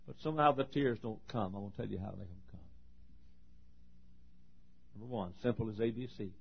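A middle-aged man preaching a sermon, his voice dropping to a hush and then rising to loud, shouted exhortation. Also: on the low side, a little fast, gravelly, long pauses, husky, dull audio.

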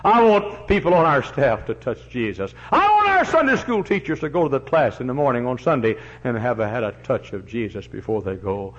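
A man preaching a sermon as pastor, in a folksy, animated storytelling manner, in a church. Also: medium pitch, a little fast, hardly any pauses. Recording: dull lo-fi recording.

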